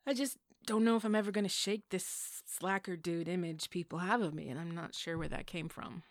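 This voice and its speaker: A woman's voice: fairly low pitch, a little fast, no echo, clean studio sound, lightly acted. A woman voicing a sheepish, easygoing young man who talks offhandedly with his twin sister in a storybook reading. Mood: offhand. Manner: offhand, earnest.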